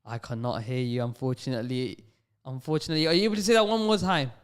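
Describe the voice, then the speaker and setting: A man's voice: mid-range voice, fast, clear, resonant tone. A man hosting a live radio call-in show. He is patient and encouraging with young callers and peppers his speech with religious phrases. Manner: sprinkles Islamic phrases through his talk.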